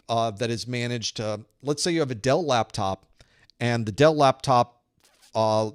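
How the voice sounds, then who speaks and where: A man hosting a live-streamed certification study group, explaining with casual analogies and playful sound-effect narration. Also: medium pitch. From Southern United States.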